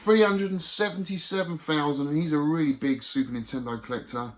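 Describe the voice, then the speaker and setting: A man's voice: on the high side, brisk. A man hosting a video, chatting casually as he reads out competition scores with friendly asides. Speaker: YouTube host reading competition results. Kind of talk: casual chat to viewers.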